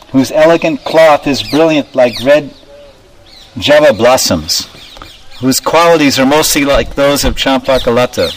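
A spiritual teacher with a mid-range voice, speaking a little slowly, gives a devotional class in which he explains terms and asks his listeners questions. It's recorded on a distant mic with faint background noise.

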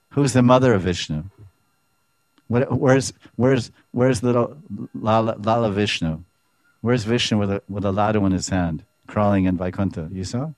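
A man teaching at a devotional lecture, his voice sitting on the low side. He talks expressively, repeats himself as he goes and slips in playful sound effects. The recording is dry, with no room echo. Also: a little mellow. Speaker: Vaishnava teacher.

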